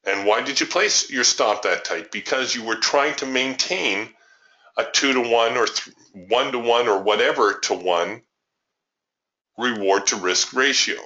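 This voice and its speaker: A man's voice: mid-range voice, a little slow, bright, forceful tone. A man teaching a trading webinar over a chart, talking emphatically and asking the audience rhetorical questions. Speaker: trading educator. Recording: muffled lo-fi webinar audio.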